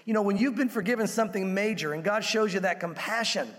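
A male pastor preaching a sermon in an animated way, acting out little scenes with changing voices. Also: high voice, quick pace. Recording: long hall reverb.

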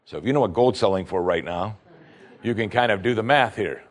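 A man's voice: lowish voice, fairly quick. A man preaching a sermon, retelling a scripture story with emphatic asides to his listeners. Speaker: pastor.

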